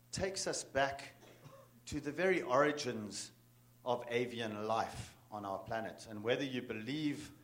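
A man giving a live talk as a bird guide and author, telling a dramatic story with bursts of emphasis. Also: fairly low pitch. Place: talk in front of an audience.

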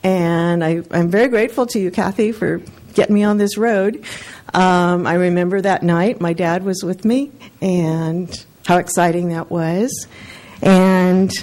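A woman's voice: on the low side, steady tone, unhurried, darkish tone. Emotional woman mayor giving a farewell speech. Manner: heartfelt, earnest, close to tears. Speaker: outgoing mayor. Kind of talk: farewell speech at a council meeting. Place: city council chamber.

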